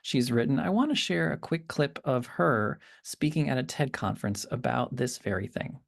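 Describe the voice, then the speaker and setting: A man teaching a course module in a relaxed, hesitant way, often pausing and restarting. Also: medium pitch, creaky. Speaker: course instructor. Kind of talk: lecture.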